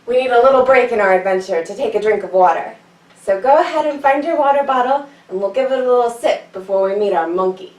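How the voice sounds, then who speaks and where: Woman, kids yoga teacher, playful storytelling, sing-song, high voice, echoey room from a distance. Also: expressive, fast, darkish tone. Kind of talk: storytelling yoga class for children.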